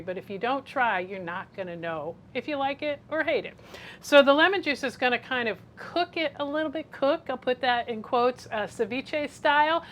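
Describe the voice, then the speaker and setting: A fairly high-voiced woman talks through a home cooking demonstration in her kitchen. She sounds chatty and encouraging, and often restarts her sentences. A pan sizzles faintly beneath her voice. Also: a bit bright, slight background noise. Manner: chatty and encouraging, with fillers and self-corrections. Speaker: cooking show host. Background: faint sizzling of a pan on the stove.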